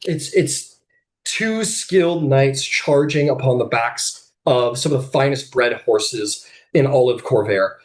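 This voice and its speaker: Rambling, lively male game master. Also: medium pitch, slow pace. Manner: lively, rambling, full of fillers. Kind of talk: narrating a tabletop game.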